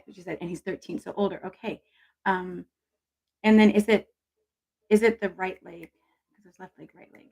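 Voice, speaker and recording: A woman's voice: lowish voice, a little mellow. A woman hosting a casual livestream, talking affectionately and chattily to her viewers about intuition. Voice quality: gravelly, husky. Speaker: intuitive reader and livestream host.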